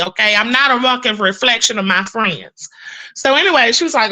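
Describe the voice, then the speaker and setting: A woman's voice: fairly high pitch, sing-song, pushed and bright, low-quality recording. A middle-aged woman hosting a livestream, chatting casually and profanely while doing chores, calling her viewers honey and girl. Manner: drawn-out emphatic storytelling. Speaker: livestream host.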